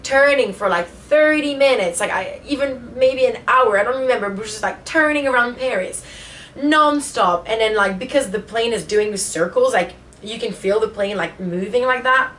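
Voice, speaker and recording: A woman's voice: a little high, moderate pace, a bit bright, slight background noise. Emotional woman telling a vlog story. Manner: emotional retelling, many fillers. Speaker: vlogger.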